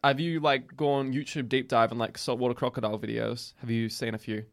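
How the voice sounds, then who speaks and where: A man's voice: medium pitch, steady tone, brisk. A young man hosting a podcast in casual, joking chat, teasing and laughing often. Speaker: podcast host.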